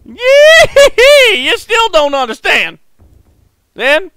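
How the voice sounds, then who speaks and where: A man putting on the voice of an old frontier gold prospector, high and cackling, for a villain in a game playthrough. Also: huge pitch swings, takes it slowly, background noise, heavily acted. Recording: faint game music behind.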